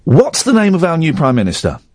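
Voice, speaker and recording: A man's voice: a little high, huge pitch swings, a little fast, darkish tone, a little hiss or hum. Jokey, rambling male radio host. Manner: rambling, jokey, self-mocking. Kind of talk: casual radio chat. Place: radio studio. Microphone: studio mic.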